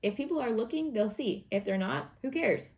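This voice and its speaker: Brisk and expressive, this fairly high-pitched woman delivers a laid-back weekly tarot reading. She's chatty and supportive, sprinkling in fillers and theatrical asides.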